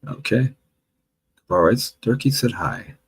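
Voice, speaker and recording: A man hosting a livestream, reading viewer comments aloud with a chatty, wry manner and a gravelly voice. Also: lowish voice, measured pace, rough recording. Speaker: livestream host reading chat. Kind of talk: casual livestream chat.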